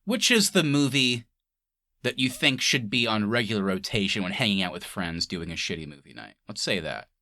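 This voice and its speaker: A man's voice: on the low side, expressive, normal speed, sharp tone, dry recording, studio quality. A man co-hosting a casual movie-review podcast, laughing often and swearing freely as he chats. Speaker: podcast co-host.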